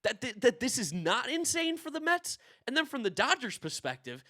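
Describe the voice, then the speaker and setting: A man's voice: very high voice, big pitch swings, moderate pace. Exasperated man ranting about sports. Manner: exasperated, ranting, swings between shouting and muttering. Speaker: sports vlogger. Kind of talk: ranting reaction video.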